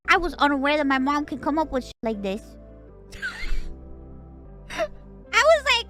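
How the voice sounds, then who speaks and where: A woman streamer telling a story in animated, profane, laughing casual chat. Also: very high-pitched, normal speed, pauses often, faint music behind.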